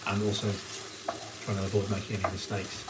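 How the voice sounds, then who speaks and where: The audio is very noisy, with onions sizzling in a pan under the voice of a low-pitched man hosting a live cooking stream. He talks fairly quickly and flatly, chatting casually and naming viewers as he cooks along.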